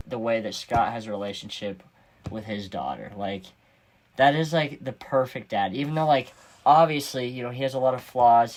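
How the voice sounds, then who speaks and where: A young man hosting a casual podcast, his voice sitting in an ordinary middle range. He chuckles a lot and acts out lines from films with animated, jumpy delivery. Faint music plays behind him. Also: mid-range voice. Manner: laughs often, quotes movie lines in animated voices. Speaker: podcast host. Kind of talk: casual chat.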